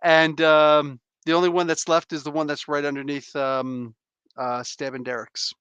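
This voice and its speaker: A man's voice: a little high, little pitch movement, normal speed, a bit bright, smooth, no echo. A man running a tabletop role-playing game as game master, joking and laughing often.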